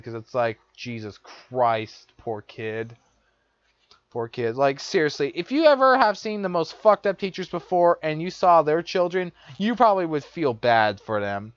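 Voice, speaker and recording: A man's voice: fairly high pitch, clear, resonant tone, dry recording. A young man vlogger telling a personal story in a profane, repetitive, exasperated rant. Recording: dull lo-fi dry recording.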